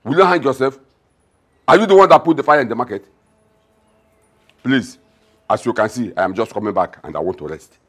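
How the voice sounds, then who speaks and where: A man's voice: mid-range voice, lively intonation, brisk, long pauses, a bit bright, husky. A scornful blustering father. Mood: mocking. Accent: Nigerian. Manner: mocking, blustering. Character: scornful older father demanding his food. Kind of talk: Nollywood film acting.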